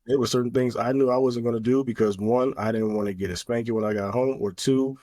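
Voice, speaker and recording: A middle-aged podcast co-host talks fast in a steady, medium-pitched, dark voice. The chat is casual, and he comes across as earnest and opinionated, with lots of fillers.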